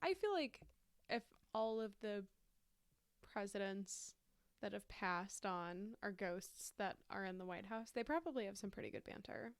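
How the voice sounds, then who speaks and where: Young female co-host, gravelly fry, dry close mic, casual and reactive. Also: medium pitch, animated, unhurried, no echo. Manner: chatty, reactive, laughs along. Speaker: podcast co-host. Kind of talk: casual chat.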